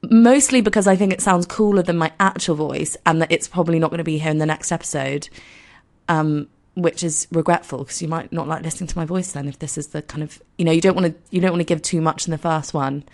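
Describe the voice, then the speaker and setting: A woman in her twenties with a croaky voice, hosting her podcast in a chatty, self-deprecating, rambling way. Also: sits low, fairly even intonation, fast talker, darkish tone. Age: 20s. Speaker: podcast host. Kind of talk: casual solo podcast intro.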